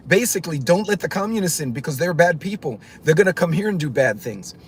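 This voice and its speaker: A man's voice: a little high, big pitch swings, a little fast, a little hiss or hum. A man hosting his own channel, telling a story in a casual, rambling way with many fillers and restarts, acting out other people's voices. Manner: acts out other people's voices while retelling. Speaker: channel host.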